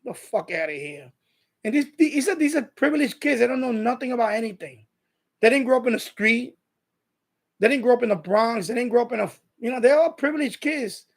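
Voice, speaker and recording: Live stream host, New man, husky, profane and combative, casual rant. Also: very high voice, lively intonation, fairly quick. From New York. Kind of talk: casual ranting monologue.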